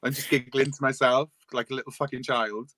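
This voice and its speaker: Brief: man, 40s, chat guest, bright forceful tone, crude self-mocking humor laced with swearing. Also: medium pitch, fairly even intonation, brisk, dry recording. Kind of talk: casual chat.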